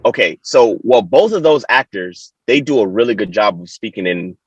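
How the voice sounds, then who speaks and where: A man's voice: on the low side, animated, normal speed, slightly rough, no room sound, highs cut off. A young man from Haiti with an American accent, a sports guest telling stories in a casual podcast chat, laughing often and restarting his sentences. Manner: chatty storytelling with frequent laughs and restarts. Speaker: Olympic hurdler, guest.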